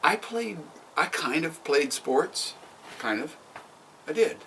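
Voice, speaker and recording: A man co-hosting a casual chat, with a bright voice that jumps around a lot in pitch. He teases, laughs often and talks lightly. He sits a little away from the mic, and a faint hiss runs under his voice. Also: very animated, slow pace, distant mic. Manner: joking, teasing, laughs often. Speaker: podcast co-host. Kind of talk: casual chat over drinks.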